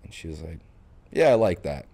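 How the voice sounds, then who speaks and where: A little fast and deep, the voice belongs to a young man from Florida who catches for a baseball team. As a podcast guest in an easygoing interview, he tells stories animatedly and acts out the lines he quotes.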